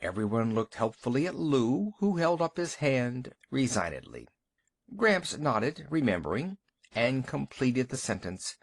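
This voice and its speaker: Male narrator, audiobook story reading, expressive, animated intonation, medium pitch. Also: measured pace, creaky.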